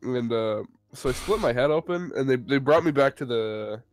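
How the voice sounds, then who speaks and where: A man's voice: mid-range voice, lively intonation, moderate pace, soft background music. A young man rambling through a story in casual chat, swearing often and poking fun at himself. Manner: rambling, swears a lot, self-mocking. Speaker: co-host of a live stream.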